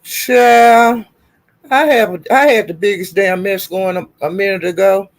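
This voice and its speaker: A woman's voice: mid-range voice, fairly even intonation, measured pace. Flustered woman on a live stream. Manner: frantic, swearing, laughing, calling to viewers for help. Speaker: livestream host.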